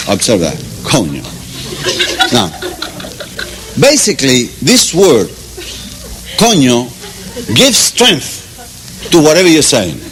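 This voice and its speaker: A man from Cuba with a Cuban accent gives a playful, mock Spanish lesson, chuckling and drilling slow repetitions. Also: mid-range voice. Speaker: teacher. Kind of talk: comic mock language lesson. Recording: loud background noise.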